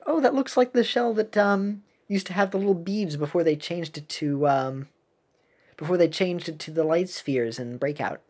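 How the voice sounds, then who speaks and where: A woman's voice: on the low side, expressive, normal speed, darkish tone, breathy edge. A young woman casually reading game cutscenes aloud, giggling and cracking jokes between lines. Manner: giggly, joking asides. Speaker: video game cutscene reader. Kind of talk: casual commentary with read-aloud voices.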